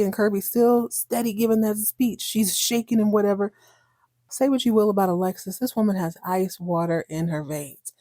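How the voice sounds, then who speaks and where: A woman's voice: medium pitch, brisk, warm tone, no room sound, studio quality. A woman hosting a podcast, recapping a TV soap in a chatty, sarcastic, joking way. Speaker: podcast host. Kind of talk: casual TV recap.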